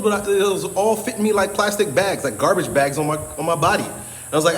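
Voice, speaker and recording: Blunt, emphatic high-voiced coaching man. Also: expressive, a little fast, in a large hall, slight background noise. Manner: blunt and emphatic, keeps asking "right?", swears freely. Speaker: strength coach. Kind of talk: casual motivational talk to camera.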